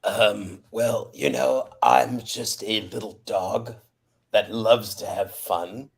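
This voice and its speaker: A man's voice: lowish voice, fairly even intonation, takes it slowly, gravelly, breathy edge, poor audio. A man in casual chat, laid-back and making goofy jokes.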